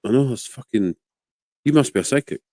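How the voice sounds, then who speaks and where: A man's voice: mid-range voice, lively intonation, brisk, mellow, dry recording. A man hosting a live online show, swearing freely and bantering with his guest. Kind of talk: casual live-stream chat.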